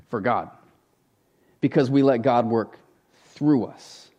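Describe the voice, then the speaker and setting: A man's voice: mid-range voice, slow pace, long pauses, a little mellow, highs cut off. A man preaching a sermon from a church stage, talking in a conversational, emphatic way and often appealing straight to the congregation. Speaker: pastor.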